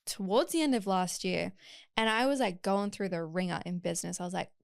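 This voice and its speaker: A woman hosting a podcast, telling candid personal stories in a casual, expressive way. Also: mid-range voice, creaky, no room sound, clean studio sound. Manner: candid storyteller, fast and expressive. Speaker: podcast host. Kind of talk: casual interview chat.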